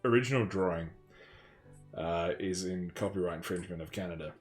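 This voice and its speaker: A man's voice: deep voice, brisk, music in the background. Joking man co-hosting a stream. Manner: joking, deadpan, laughs often. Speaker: co-host. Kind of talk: casual livestream chat.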